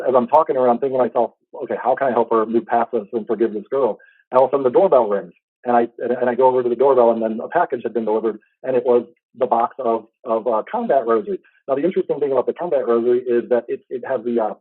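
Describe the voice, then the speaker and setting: A man in his thirties telling a heartfelt personal story in a casual, halting way, full of restarts. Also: mid-range voice, breathy edge, dry recording, phone-quality sound. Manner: fast, halting, with many restarts and fillers; earnest, heartfelt. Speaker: podcast host.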